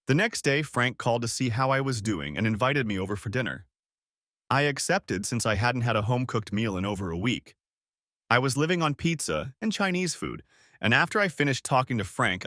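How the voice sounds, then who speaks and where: A man narrating a first-person story in a cold, bitter voice. His pitch moves in lively swings through the sentences. The recording is dry and close, with no room echo.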